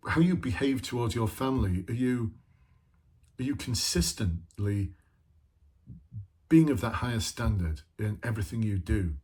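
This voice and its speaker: A man's voice: lowish voice, expressive, moderate pace, pauses often, a little mellow, breathy edge. A middle-aged man, a former police officer, giving an informal coaching talk full of rhetorical questions. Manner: conversational, asks many rhetorical questions, talks to himself. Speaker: former police officer turned leadership trainer.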